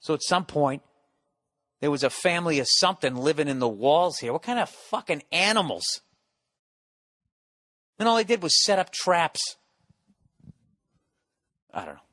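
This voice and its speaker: A man's voice: a little high, expressive, normal speed, long pauses. Profane, exasperated middle-aged man ranting. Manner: profane, exasperated ranting with big swings from loud to muttered. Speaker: podcast host. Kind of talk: rambling comic monologue.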